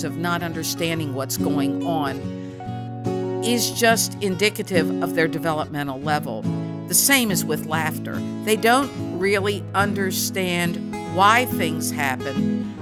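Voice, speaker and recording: A middle-aged woman answering interview questions in a gentle, measured, explanatory way, as a guest expert on children and grief. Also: on the low side.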